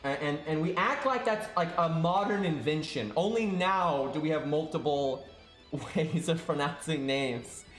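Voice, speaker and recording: A high-voiced man rants casually on a live stream, exasperated and cursing freely. His voice sits in a roomy, echoing space. Faint music plays underneath. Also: a little slow, fairly bright tone. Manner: exasperated, ranting, swears freely.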